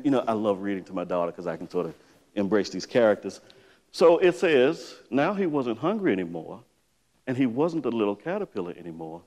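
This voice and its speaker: Man presenting at a symposium, animated pitch, echoing lecture hall, middle-aged, storytelling. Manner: storytelling, lively, acts out reading to his daughter. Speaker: psychotherapist giving a talk. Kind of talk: conference presentation. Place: large lecture hall with reverb. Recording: long hall reverb.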